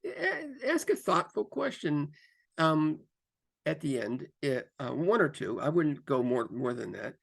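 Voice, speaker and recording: A man's voice: unhurried, vocal fry. A man giving career coaching advice to camera, varying his pace and tone for emphasis and often repeating himself with fillers. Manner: lively, shifts pace and pitch for emphasis; repeats phrases, frequent fillers. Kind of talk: instructional talk to camera.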